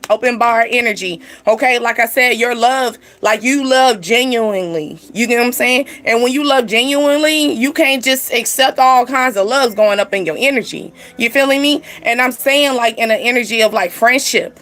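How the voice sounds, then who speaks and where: A woman's voice: fairly high pitch, moderate pace, few pauses, a bit bright. A young woman giving a casual spiritual card reading to camera, rambling and chatty, full of "like" and "you know". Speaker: tarot card reader.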